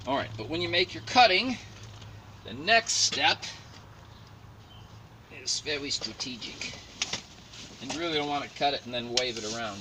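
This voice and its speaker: A man giving a casual, rambling how-to demonstration with plants outdoors, cracking jokes at his own expense. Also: fairly high pitch. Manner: joking, rambling, self-mocking asides. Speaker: home gardener demonstrating plant cloning. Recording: distant mic with noisy outdoor background.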